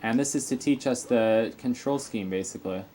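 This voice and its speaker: A man's voice: mid-range voice, moderate pace, dark tone, a little hiss or hum. A man giving casual, rambling commentary while playing a video game, with frequent fillers and asides. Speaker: let's play commentator.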